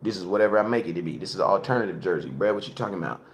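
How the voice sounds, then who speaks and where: A man hosting a casual live-stream sports talk from his home kitchen, slangy and chatty, repeating himself and slowing his words right down for emphasis. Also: sits low, animated. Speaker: livestream host. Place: home, cooking. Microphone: phone for live stream.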